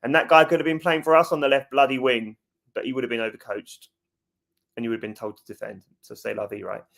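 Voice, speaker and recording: A man's voice: mid-range voice, little pitch movement, fast talker, creaky, a bit bright. A man hosting a fan livestream, chatting casually and jokingly, answering viewers' comments. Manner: chatty, jokey, talks straight to viewers. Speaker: fan channel host.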